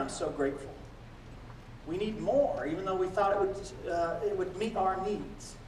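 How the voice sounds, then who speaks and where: A man preaching a sermon as pastor, animated and acting out quoted prayers and boasts. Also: sits high, reverberant, recorded from a distance, slight background noise, low-quality recording. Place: church.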